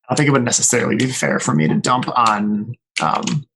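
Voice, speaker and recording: A man's voice: medium pitch, animated, brisk, fairly bright tone, slightly rough, poor audio. A man playing a tabletop game, speaking frankly and thoughtfully. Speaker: player. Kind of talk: tabletop role-play chat.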